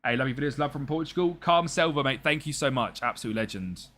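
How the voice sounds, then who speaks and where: A man's voice: mid-range voice, lively intonation, quick pace, a bit bright. A young man streaming a football management game, chatting casually and jokily with his viewers as he plays. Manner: chatty and jokey, talks to chat and game players.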